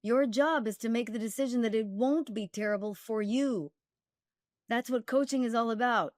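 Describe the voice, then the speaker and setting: A woman's voice: a little high, normal speed, no room sound, studio quality. Emphatic, wry woman telling her story. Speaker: guest, dating coach and author. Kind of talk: candid storytelling interview.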